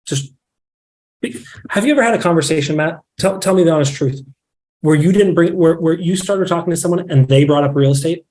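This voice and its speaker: A man's voice: a little high, brisk, poor audio. A man talking candidly as a podcast guest, acting out little bits of dialogue as he makes his points. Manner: candid, animated, acts out quoted dialogue. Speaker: podcast guest, real estate marketing director. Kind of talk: casual podcast conversation.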